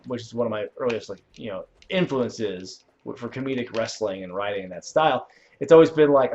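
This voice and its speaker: Laid-back lively male streamer. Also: medium pitch. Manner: laid-back, rambling, chuckling. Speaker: host. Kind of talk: livestream game commentary and Q&A. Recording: dull lo-fi stream mic.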